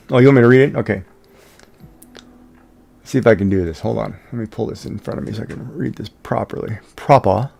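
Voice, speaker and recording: A man's voice: mid-range voice, fairly quick, vocal fry, pauses often, a little mellow, slight background noise. A man streaming and chatting casually, rambling with lots of fillers and restarts. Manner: rambling, many "you know" fillers and restarts. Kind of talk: casual live-stream chat.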